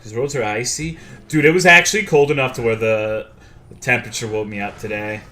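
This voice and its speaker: Brisk and bright, this young man's mid-range voice comes across forcefully. He reads chat aloud on his game stream and keeps the casual talk profane and joking.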